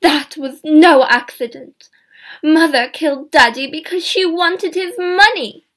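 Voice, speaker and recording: A woman voicing a tearful grown daughter who bursts out loudly, high and emotional. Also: slow pace. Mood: accusing. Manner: loud, high, emotional outbursts.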